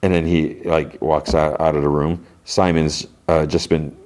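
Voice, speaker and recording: A man's voice: a bass voice, level tone, measured pace, darkish tone. A man hosting a podcast, chattily retelling a show's scenes in a casual recap. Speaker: podcast host.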